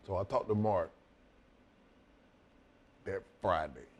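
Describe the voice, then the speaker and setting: A middle-aged man and former wrestler telling a profane, animated story in a shoot interview, laughing as he goes. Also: deep voice, takes it slowly, muffled recording, slight background noise.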